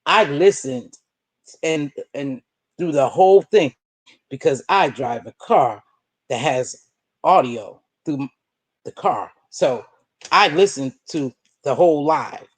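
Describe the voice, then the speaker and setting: A woman hosting a live stream, confronting a viewer in a preachy, sarcastic rant with drawn-out hums. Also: low voice, expressive, no echo.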